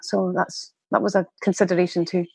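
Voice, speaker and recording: A woman's voice: on the low side, flat delivery, fairly quick, creaky, a little mellow, husky, no room sound, low-quality recording. A woman chatting as a podcast guest, rambling and interrupting herself, laughing often. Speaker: guest parent. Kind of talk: casual conversational chat.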